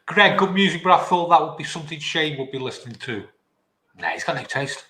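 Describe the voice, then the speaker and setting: Chirpy host in a roomy space. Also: male voice, a little high, animated, fairly quick, sharp tone. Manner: chirpy, banter-heavy. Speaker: show host reading viewer comments. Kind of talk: casual live-stream chat. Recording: roomy echo.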